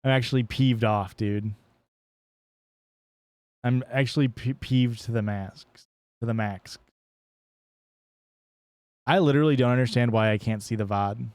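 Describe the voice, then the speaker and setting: A man live-streaming a game, chatting with his viewers in a hyped, joking way and swearing freely. His voice is smooth and clear at a middle pitch, recorded close and dry. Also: a little slow, pauses often, a little mellow, no room sound. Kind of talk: casual live-stream chat over gameplay.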